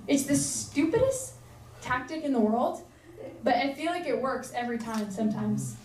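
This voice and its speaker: High-voiced young woman preaching. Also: expressive, normal speed, darkish tone, slight background noise. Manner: earnest, chatty, filler-heavy "like". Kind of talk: casual sermon. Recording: echoey room, voice from far off.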